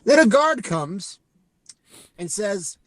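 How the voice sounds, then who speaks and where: Very animated, high-pitched, and a bit bright, this man's voice comes through a dry recording as he co-hosts a podcast. He rambles through a casual movie recap, acting out lines and throwing in quick asides.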